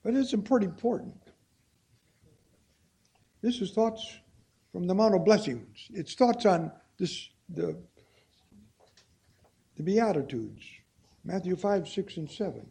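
A man preaching a sermon-style Bible study, reading texts slowly and deliberately, then pressing key phrases with emphasis. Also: high-pitched, expressive, vocal fry, dark tone, slightly rough.

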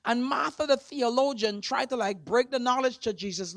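A woman preaching an impassioned sermon, building to fervent shouted refrains and repeating her words for emphasis. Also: fairly high pitch, normal speed, dry recording.

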